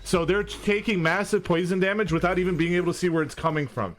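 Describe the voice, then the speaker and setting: A man's voice: high-pitched, fast talker. A young man co-hosting a casual gaming chat, telling rambling, profane stories.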